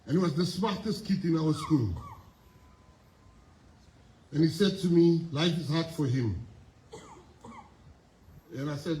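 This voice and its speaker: A man's voice: a little high, warm tone, slight background noise. South African man speaking in an echoey hall. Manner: emphatic storytelling with repeated phrases and pauses. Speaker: guest speaker at a school. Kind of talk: motivational speech. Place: school assembly hall. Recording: echoey hall with faint ambience.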